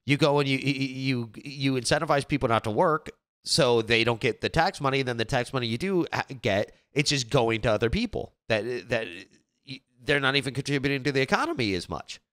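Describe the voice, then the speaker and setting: A man giving casual commentary on a video. His pitch moves a lot as he talks. He stops and restarts often, and the sound is dry and close. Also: expressive, a bit bright, no echo. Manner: halting, with repeated restarts.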